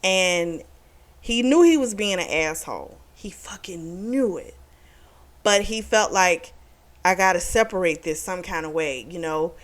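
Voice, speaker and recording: A book reviewer with a fairly low voice recaps a romance novel's plot at a moderate pace. She's casual and frank about it, swearing plenty and laughing often.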